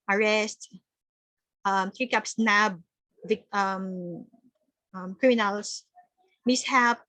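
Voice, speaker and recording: A woman's voice: medium pitch, pushed and bright, no room sound. A woman with a Filipino accent teaching a journalism class, explaining points step by step and often checking in with her students. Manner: instructive, frequent "okay?" check-ins, code-switching. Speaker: journalism lecturer. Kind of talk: classroom lecture.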